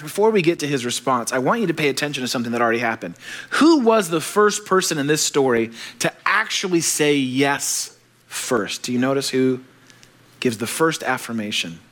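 A man preaching a sermon, animated and joking, acting out the voices of the people he quotes. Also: medium pitch. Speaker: pastor.

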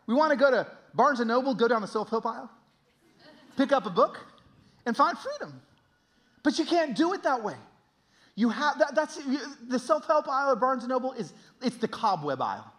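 Animated high-voiced male preacher. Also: normal speed. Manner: animated storytelling with sudden high exclamations. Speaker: pastor. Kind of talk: sermon.

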